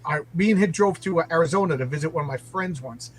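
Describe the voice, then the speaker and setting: Middle-aged New York man, slightly high voice, rambling casual storyteller. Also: fast talker, slight background noise, rough recording. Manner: rambling, full of "like" and restarts.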